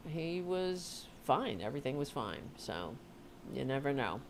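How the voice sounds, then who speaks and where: A woman's voice: a bass voice, sing-song, a little slow, slight background noise. A woman hosting a casual livestream, rambling and swearing as she chats and talks to her cat. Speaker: host.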